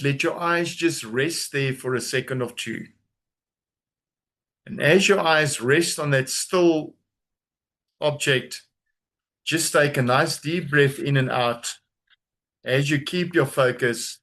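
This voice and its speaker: A man leading a guided grounding exercise on a video call, giving slow, calm, soothing instructions with long pauses. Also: medium pitch. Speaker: trauma coach leading a webinar.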